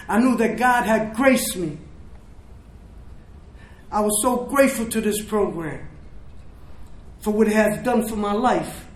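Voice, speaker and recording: An older man from the South Bronx giving an emotional personal testimony as a recovery speaker, telling his story with quoted dialogue. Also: sits high. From South Bronx, New York. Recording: echoey room, faint noise.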